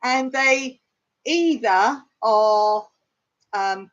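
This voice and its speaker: A woman's voice: on the high side, drawn-out words. A middle-aged English woman hosting a casual live-stream chat, talking with viewers and laughing often. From England. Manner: chatty, laughs often, answers viewer comments. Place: rural home in Cyprus. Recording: dull lo-fi stream audio.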